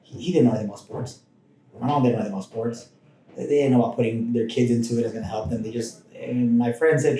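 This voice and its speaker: Rambling mellow-voiced man telling stories. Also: medium pitch, quick pace. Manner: rambling, with frequent restarts and asides. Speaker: podcast guest. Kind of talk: casual personal storytelling. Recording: roomy echoing room.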